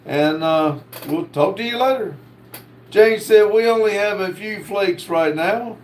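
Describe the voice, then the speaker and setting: A man hosting a casual livestream, reading viewer comments aloud in a slow drawl. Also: high-pitched, crowd noise. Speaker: livestream host reading chat.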